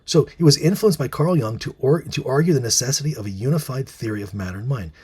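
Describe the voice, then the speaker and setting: A man's voice: mid-range voice, lively intonation, fast, a little mellow, husky. A man hosting a casual monologue, musing with many fillers and restarts and reading out bits of articles. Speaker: host.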